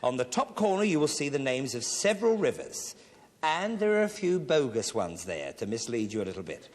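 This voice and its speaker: In a television studio full of laughing audience members, a middle-aged host teases contestants with punning patter. He sounds very animated, medium in pitch and a little fast, with echoey studio sound.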